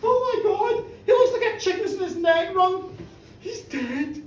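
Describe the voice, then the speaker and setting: A shaken middle-aged farmer husband, as a woman storyteller puts him on, aghast and unsteady. The voice carries from a distance in a boomy pub room. There is light background chatter. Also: animated, measured pace, slight background noise. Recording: echoey pub, heard from far off.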